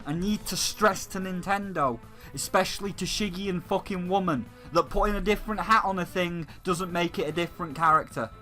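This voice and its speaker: Speaking fairly quickly with few pauses, a man running a gaming channel launches into a swearing, heated video game rant that keeps circling back to the same points. His high voice sounds pushed and bright, with soft music in the background and rough audio quality.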